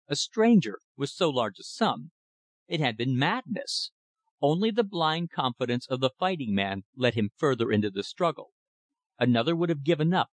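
A man narrating a novel in a measured, expressive reading. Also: mid-range voice, dry recording. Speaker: audiobook narrator. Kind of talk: scripted narration.

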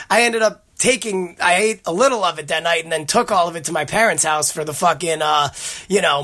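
Man, podcast host, gravelly voice, slightly high pitch, crude rambling casual chat. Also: bright, forceful tone. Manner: profane, rambling storyteller.

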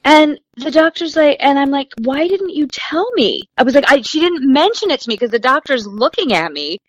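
A woman in her thirties, a comedian guest, telling lively anecdotes about her toddler and acting out the child's lines. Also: high voice, a little fast, dry recording, muffled recording. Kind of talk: storytelling chat.

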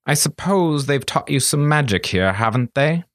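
Guy doing a creepy villain sorcerer, slow silky threats, voice swinging up and down a lot, dry sound. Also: mid-range voice, expressive, dry recording, pitched above the performer's own voice, lightly acted. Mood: falsely pleasant. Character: cold, menacing older male sorcerer master.

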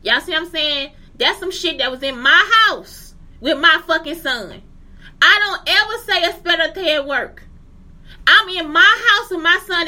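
A woman's voice: very high voice, pushed and bright. A woman in her forties, a teacher, delivering a heated, profane rant to her viewers and repeatedly asking if they understand. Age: 40s. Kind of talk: angry rant to camera.

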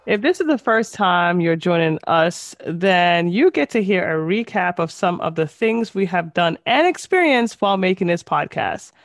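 A woman's voice: fairly low pitch, animated, normal speed, few pauses, no echo. A woman with a nasal voice co-hosting a casual podcast, chatty and storytelling, recorded over a headset on a video call. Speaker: podcast co-host.

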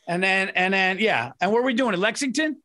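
High-voiced excitable man rambling in chat. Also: a little fast. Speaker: podcast co-host. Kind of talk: casual chat.

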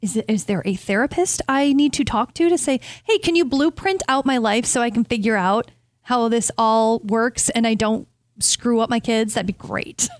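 High-voiced woman, candid chat. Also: dry recording. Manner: candid, self-deprecating, quick to laugh. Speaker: co-host. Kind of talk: casual chat.

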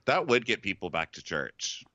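Bright, animated man joking through a recap. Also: fairly low pitch, moderate pace, dry recording, lo-fi sound. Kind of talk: casual TV recap chat.

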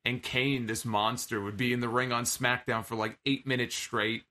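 A man talks through a wrestling show in a loose, opinionated podcast recap. His voice is bright and forward, sitting at an ordinary middle pitch. He speaks conversationally and often quotes lines from the show. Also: flat delivery, normal speed. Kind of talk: casual show recap commentary.

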